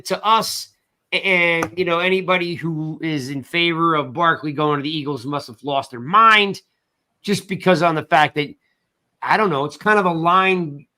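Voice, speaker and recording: Animated high-voiced sports show host. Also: male voice. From South Jersey. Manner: animated, reads chat shout-outs. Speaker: podcast host. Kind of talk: casual sports talk livestream.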